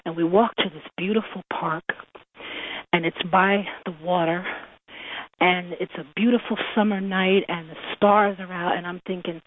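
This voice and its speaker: A woman's voice: on the low side, steady tone, normal speed, a little hiss or hum. A woman in her thirties calling in to a radio show, telling a personal story with animation and frequent laughter. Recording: tinny phone line.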